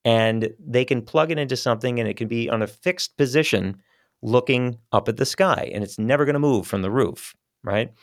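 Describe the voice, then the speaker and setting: A man who works as a voice actor, chatting in a relaxed, rambling way as an interview guest on a studio microphone. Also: medium pitch, normal speed, no echo. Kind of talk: casual interview chat. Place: small studio.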